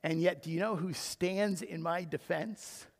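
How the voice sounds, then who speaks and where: A male pastor with a notably high voice delivers a sermon, shifting from quiet, intimate passages to loud, driving exhortation. His voice rings out with a long reverb in a church sanctuary. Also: a little slow. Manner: emphatic preacher, swings between hushed and loud.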